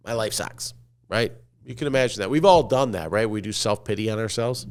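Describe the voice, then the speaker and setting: A man hosting a podcast, telling a slow guided-imagery story and dropping to a hushed, low voice at the ends of phrases. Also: clean tone. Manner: slow, coaxing, asks listener to picture scenes. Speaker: podcast host.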